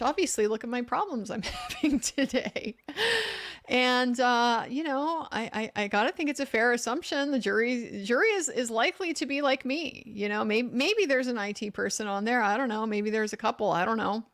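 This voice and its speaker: A woman's voice: a little high, fairly bright tone. A middle-aged woman hosting a live legal commentary stream, giving frank opinions with frequent restarts. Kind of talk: casual live commentary reading viewer comments.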